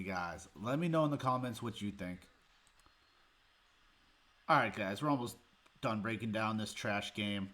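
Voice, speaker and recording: A man's voice: mid-range voice, a bit bright. Exasperated man ranting about a game. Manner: exasperated, heated, sarcastic. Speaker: sports podcast host.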